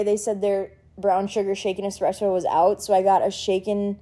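A woman's voice: medium pitch, mellow. A young woman vlogging in a casual, chatty, sentimental way, full of likes and ums. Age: young adult. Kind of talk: casual chat.

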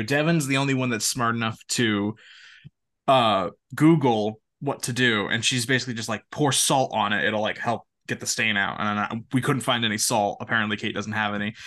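Bright-voiced young man telling stories. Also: mid-range voice. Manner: animated, laughing, quotes friends in voices. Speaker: podcast co-host. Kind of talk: casual chat, storytelling.

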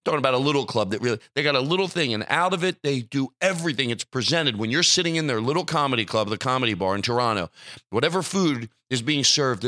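A man ranting in casual podcast chat, his voice bright and forceful. He jumps between loud, pitched-up bursts and low grumbled asides, heard close on a dry studio mic with no room sound. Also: no echo. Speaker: podcast host.

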